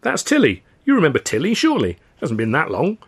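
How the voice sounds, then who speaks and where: A man putting on a high, breezy innocent fellow. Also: wildly swooping pitch, quick pace, husky, exaggerated voice. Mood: coaxing. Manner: high, coaxing, exaggerated innocence.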